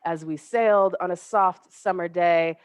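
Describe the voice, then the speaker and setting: A woman's voice: on the low side, unhurried, clean tone, lightly acted. A woman reciting poetry as a proud, boastful Buddha who is a beautiful woman. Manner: grand, boastful declamation. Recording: dry, dull lo-fi webinar audio.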